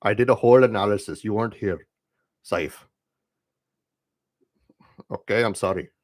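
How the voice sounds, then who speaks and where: A man's voice: on the low side, moderate pace. A young man live streaming, ranting casually to his chat in a rambling, dismissive way with lots of "like". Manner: rambling, heavy use of "like", dismissive.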